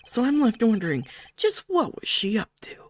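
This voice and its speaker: A streamer voicing a calm, reserved male prosecutor in a game, speaking in a quiet, measured inner monologue. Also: mid-range voice, pitched above the performer's own voice. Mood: brooding. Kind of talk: reading game dialogue aloud in character.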